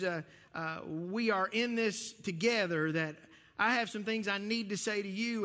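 A man's voice: sits high, pushed and bright, in a large hall. A man with a Texas accent preaching a sermon in a folksy storytelling way, full of restarts. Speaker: pastor.

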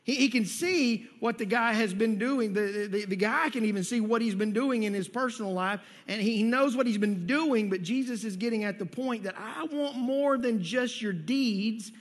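A man preaching a sermon as a pastor, conversational, with frequent repeated words and slow, emphatic phrases. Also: sits high, breathy edge. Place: church sanctuary. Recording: long reverb of a church hall.

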